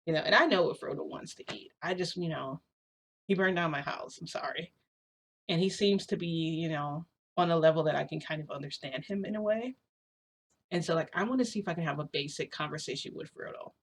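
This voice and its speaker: A woman's voice: low-pitched, fairly quick. Chatty young woman, rambling. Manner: rambling, filler-heavy, chatty. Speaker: storyteller. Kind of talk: casual storytelling vlog.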